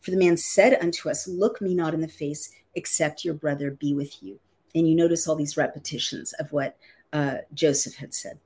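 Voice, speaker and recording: Low husky woman reading scripture. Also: moderate pace, darkish tone. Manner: reads archaic verses, then restates them in everyday words. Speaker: Bible teacher. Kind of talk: reading scripture aloud with plain-language glosses.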